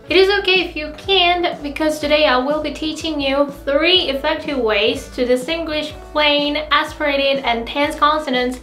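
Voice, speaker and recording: A woman's voice: sits high, a bit bright. Cheerful woman teaching pronunciation drills. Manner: cheerful, repeats syllables slowly for drills. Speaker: Korean language teacher. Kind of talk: friendly online language lesson. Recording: echoey room with faint music.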